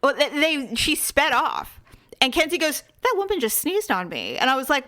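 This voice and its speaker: A woman co-host chatting casually on a podcast, her voice bright and fairly high. She tells stories bluntly and swears without holding back. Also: big pitch swings, moderate pace. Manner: blunt, swears freely while telling stories. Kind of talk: casual chat.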